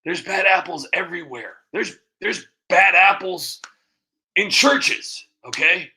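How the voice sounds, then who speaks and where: A man's voice: high voice, lively intonation, slow, sharp tone. A man hosting his own show, talking in a rambling, emphatic way and often repeating himself. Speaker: show host. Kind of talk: casual monologue.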